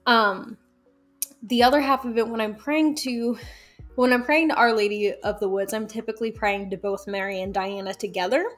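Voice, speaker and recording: A woman guest in a casual interview, talking in a lively, chatty way with frequent laughs and fillers. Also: fairly high pitch, normal speed, soft background music. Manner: animated, chatty, laughs often, many fillers. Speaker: guest, folk magic practitioner.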